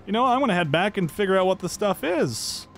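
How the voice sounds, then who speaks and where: A man's voice: sits high, expressive, a little fast, a bit bright, soft background music. A man giving upbeat, chatty let's-play commentary, thinking aloud as he plays. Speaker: gameplay commentator.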